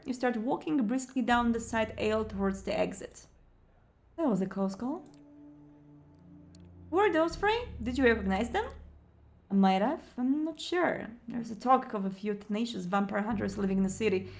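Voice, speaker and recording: A woman hosts a let's play, reading a story game's narration aloud and breaking off to chat about its lore. Her voice sits fairly high. Soft game music runs faintly underneath. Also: vocal fry. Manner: chatty, explains lore. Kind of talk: reading a visual novel aloud with commentary.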